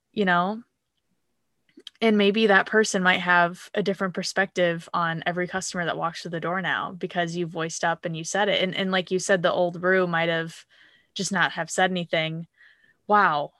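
A woman's voice: on the low side, steady tone, normal speed, a bit bright, dry recording, clean studio sound. A woman hosting a podcast, responding to her guest in an enthusiastic, affirming way. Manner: enthusiastic and affirming, with many fillers. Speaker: podcast host. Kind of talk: supportive interview talk.

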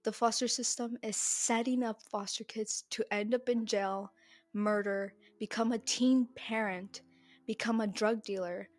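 A woman's voice: on the high side, steady tone, a little slow, dry recording. A young woman hosting a solo podcast, talking bluntly and heatedly and swearing freely. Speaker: podcast host.

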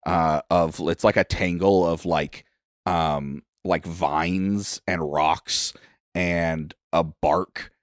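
Deep-voiced man narrating a tabletop game. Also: fairly even intonation, drawn-out words, no echo, clean studio sound. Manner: casual, rambling. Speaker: game master.

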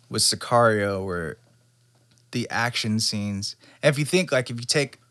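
A young man with a lowish voice co-hosts a casual podcast and rambles through his thoughts. He talks loosely, stacking fillers and restarts as he goes. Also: slow pace. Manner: rambling, animated, full of fillers. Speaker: podcast co-host. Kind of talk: casual chat about movies.

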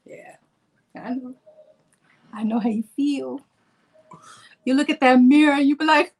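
Woman in her forties, casual vlogger; playful, animated delivery, slightly high pitch. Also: unhurried, pauses often. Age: 40s. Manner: animated, playful, acts out her own inner voice. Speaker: fitness vlogger. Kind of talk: casual vlog talk to camera.

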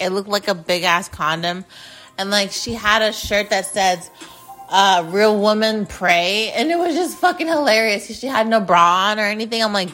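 A woman's voice: mid-range voice, sharp tone. A young woman hosting a podcast, telling a personal story in a candid, profane and emotional way, full of filler words. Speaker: podcast host.

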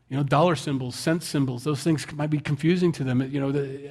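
A man's voice: a little high, fairly even intonation, fairly quick, few pauses, darkish tone. A man preaching a sermon in a conversational, folksy way, with self-deprecating asides. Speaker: pastor.

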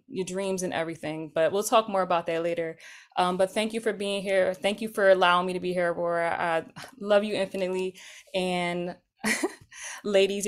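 A woman who is a mother and spiritual practitioner, chatting as a guest on a video call in an eager, quick way with many restarts. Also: lowish voice. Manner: enthusiastic, fast, restarting often. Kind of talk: casual chat on a video call.

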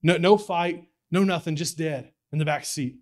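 A young man preaches, his voice sitting a little high. He tells stories in an easygoing, folksy way and keeps pressing his points with rising excitement. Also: normal speed. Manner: folksy storytelling, builds to excited emphasis. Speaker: pastor. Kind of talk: sermon.

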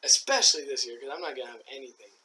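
A man's voice: medium pitch, very fast, sharp tone, low-quality recording. A young man chatting casually as a podcast co-host, joking and laughing often. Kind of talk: casual chat.

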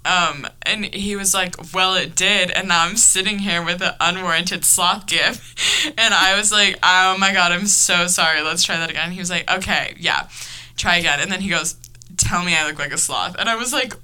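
A young woman hosting a podcast, telling a story in casual chat, animated, with lots of laughter and fillers. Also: fairly low pitch, normal speed, smooth. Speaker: podcast host.

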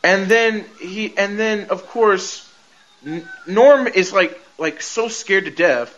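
Brief: male podcast host, high voice, rambling casual recap, laughs a lot, dull lo-fi sound. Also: slow pace, fairly bright tone. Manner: rambling, full of "like" and restarts, laughing often. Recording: dull lo-fi recording with faint noise.

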